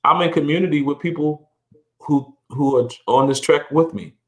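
In a thoughtful interview-style conversation, a middle-aged man talks earnestly as a guest on a podcast. His fairly high voice holds a steady tone at normal speed, lifting when he presses a point, and he keeps repeating and restarting words.

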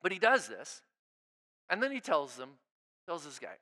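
A male pastor giving an informal, conversational sermon. He often checks in with his listeners by asking "right?", restarts his phrases, and moves from emphatic, raised lines to quiet, hushed ones. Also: a little high, wildly swooping pitch, moderate pace, long pauses. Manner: informal preaching, frequent "right?" check-ins and repeated restarts; swings between emphatic raised lines and hushed near-murmurs.

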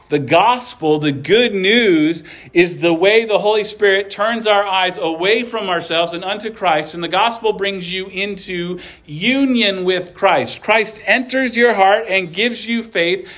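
A man's voice: high voice, a bit bright. A male pastor preaching an earnest sermon, with light asides of humor.

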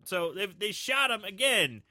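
A man's voice: sits high, sing-song, unhurried, pushed and bright, dry recording. A man co-hosting a podcast, adding crude, joking commentary in casual chat. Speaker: podcast co-host.

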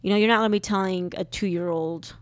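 A young woman co-hosting a podcast with her husband, chatty and quick to laugh, emotional as she talks about children. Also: mid-range voice, steady tone, no echo. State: pregnant. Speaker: podcast co-host. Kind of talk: casual chat.

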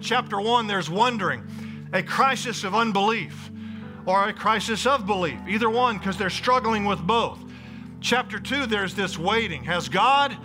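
A man's voice: high voice, rough recording. A male pastor preaching a sermon to his congregation, emphatic and calling out to the crowd. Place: church sanctuary before a congregation.

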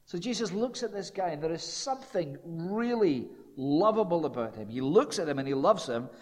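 A fairly high-voiced man delivers a sermon with lively storytelling. He dips to a low, hushed tone for quoted lines. His voice carries a long reverb from a large hall. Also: normal speed. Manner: animated storytelling, dropping low and quiet for quoted speech. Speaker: preacher.

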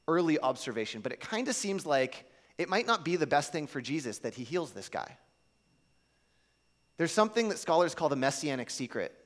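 Male pastor, relaxed conversational sermon, lightly raised pitch, animated quoting. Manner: casual, conversational preaching with acted-out quotes.

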